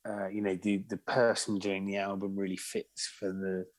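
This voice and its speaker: A man's voice: low voice, monotone, normal speed. A man co-hosting a podcast, chatting casually about music in a rambling, hesitant way. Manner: rambling, hesitant, lots of fillers. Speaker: podcast co-host.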